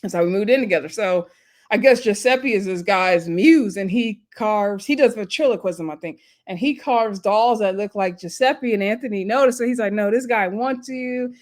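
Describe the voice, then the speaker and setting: A woman talks through a TV episode like she's catching up with a friend. She chats, laughs, and slips into quick voices for the characters she describes. Her pitch sits in an ordinary middle range. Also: darkish tone. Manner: chatty, laughing storyteller who acts out quotes. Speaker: TV show reviewer. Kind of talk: casual episode recap.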